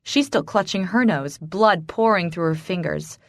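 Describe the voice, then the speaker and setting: A woman's voice: lowish voice, a little slow, no room sound, studio quality. A woman narrating a first-person romance audiobook in a dramatic, emotionally charged way.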